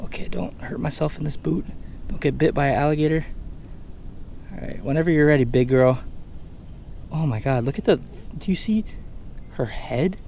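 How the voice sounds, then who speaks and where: A young man with a slightly high voice talks excitedly to the camera while fishing outdoors, breaking into exclamations and casual slang. Faint outdoor noise sits behind him. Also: fairly quick, gravelly, pauses often. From Delaware. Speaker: fishing vlogger. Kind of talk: excited casual vlog commentary. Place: outdoors by a pond.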